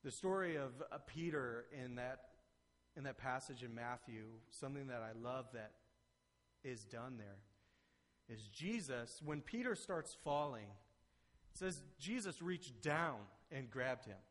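A man preaching a sermon as pastor, earnest and conversational, rising to emphatic peaks and then dropping soft. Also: mid-range voice, expressive, a little slow. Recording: long reverb of a church hall.

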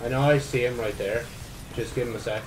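A young man giving sweary gameplay commentary, dropping from low mutters to frustrated yells. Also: steady tone, a little fast, noisy background. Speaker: gaming YouTuber.

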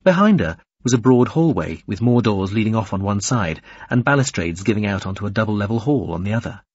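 A man narrating an audiobook in an expressive, varied reading. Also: lowish voice, fairly quick, slightly rough, no echo, dull audio. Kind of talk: scripted narration.

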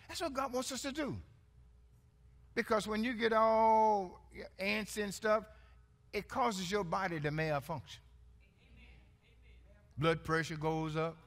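A male pastor delivers a sermon. His voice sits high and swings widely in pitch. He calls out to the congregation, jokes, and laughs along with them. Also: sharp tone. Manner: call-and-response preaching, playful and laughing.

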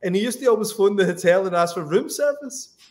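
A man's voice: sits high, lively intonation, fast talker, a little mellow. A man with a Scottish accent, a comic book writer rambling through anecdotes on a livestream video call. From Scotland. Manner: rambling, anecdotal, lots of "like" and "you know". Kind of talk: casual livestream chat.

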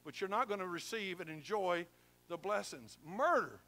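A pastor preaches from the pulpit in a folksy, emphatic way, teasing his listeners as he goes. His voice sits high for a man and rings bright and forceful. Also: lively intonation, moderate pace. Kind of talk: sermon. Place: church sanctuary.

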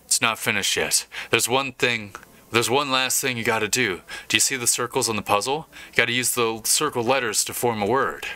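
A man voicing a sharp-tongued young woman who teases her shy sweetheart. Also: brisk. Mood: teasing. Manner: raised-pitch reading of a female role.

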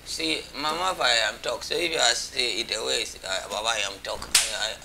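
A man's voice: medium pitch, moderate pace, gravelly, a little hiss or hum. A man, a comedian guest on a live show, bantering with sudden yelps and chants. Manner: animated, chants and yelps, mixes languages.

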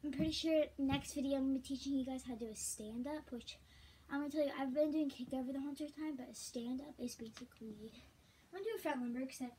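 A woman chatting casually in a gymnastics tutorial vlog, rambling and sometimes dropping into soft, whispery asides. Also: high voice, quick pace, slight background noise. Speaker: vlogger teaching gymnastics.

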